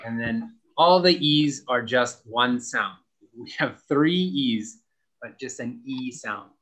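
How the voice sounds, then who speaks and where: Slow, patient male English teacher. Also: medium pitch, fairly bright tone. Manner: spells words out letter by letter and repeats words for practice. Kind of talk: slow, clear classroom instruction.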